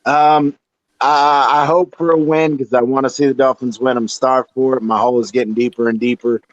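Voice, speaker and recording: A man with an ordinary mid-range voice giving halting, frank opinions on a podcast, recorded dry and close. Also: mid-range voice, fairly even intonation, no room sound, muffled recording. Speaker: podcast panelist. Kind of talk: casual podcast chat.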